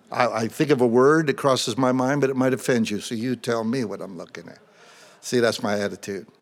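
Animated pastor preaching in a reverberant hall. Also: male voice, mid-range voice. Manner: conversational, animated storytelling with rising excitement. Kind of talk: sermon.

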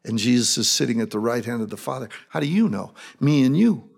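A male pastor preaching a sermon, animated, often acting out eager voices with sudden jumps in pitch. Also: quick pace, creaky.

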